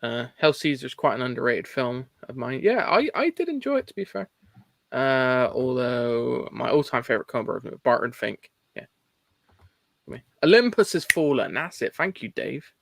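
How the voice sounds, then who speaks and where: A man's voice: mid-range voice, big pitch swings, normal speed, gravelly, a bit bright, no room sound. A man hosting a casual livestream chat about movies, rambling and laughing often. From England. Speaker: host.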